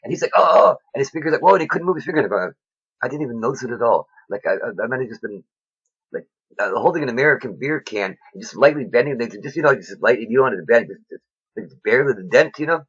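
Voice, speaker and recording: A man giving a rambling, excitable monologue about his faith, talking straight to his viewers. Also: medium pitch, fast, slightly rough. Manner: rambling, excitable, many fillers. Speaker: vlogger. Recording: dull lo-fi recording.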